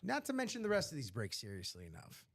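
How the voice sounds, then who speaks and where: Lively, animated man hosting a stream. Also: medium pitch, fast talker, vocal fry. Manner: chatty and animated, with slangy asides. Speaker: host of live sports memorabilia breaks. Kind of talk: casual live-stream chat.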